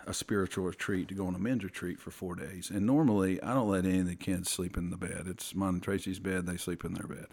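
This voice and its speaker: A middle-aged man with a very low, deep voice tells an earnest personal story of faith. He speaks haltingly and restarts his sentences often as he searches for the words. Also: creaky. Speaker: podcast guest.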